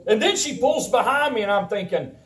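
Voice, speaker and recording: A man preaching a sermon in a conversational, animated way, telling a personal story and laughing often. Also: extremely high pitch, fairly quick. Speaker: pastor. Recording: roomy sound from a distant mic.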